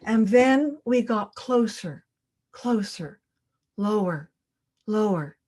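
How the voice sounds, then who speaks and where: An older woman telling a personal story live at a storytelling event, pausing for drama and dropping to a hush at tense moments. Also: mid-range voice, animated.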